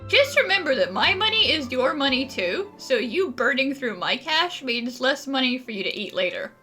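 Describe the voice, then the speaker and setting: A woman's voice: high-pitched, very animated, normal speed, pushed and bright. A woman casually commenting on a game she plays, joking and laughing often. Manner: jokey, laughs often, mock-dramatic. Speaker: gaming streamer. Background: game music.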